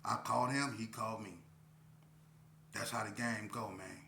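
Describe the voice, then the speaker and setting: A man giving a casual monologue, talking slowly and repeating himself like a preacher. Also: on the low side, steady tone, creaky, bright, forceful tone, reverberant, a little hiss or hum. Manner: preachy street talk, repeats himself, drawn-out pauses. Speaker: vlogger.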